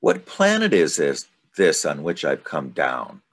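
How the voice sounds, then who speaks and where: A man reading aloud and voicing a gentle, curious young boy prince who asks earnest, wondering questions. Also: extremely low pitch, wildly swooping pitch, a little slow, full character voice.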